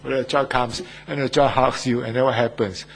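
A man's voice: medium pitch, steady tone, a little fast, gravelly, husky. A man preaching a sermon, emphatic, often putting rhetorical questions to his listeners.

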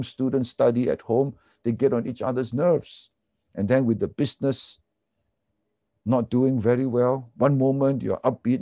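Earnest man preaching, mellow tone. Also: medium pitch, dry recording, studio quality. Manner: earnest preaching, swings from emphatic to hushed. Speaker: pastor. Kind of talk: sermon.

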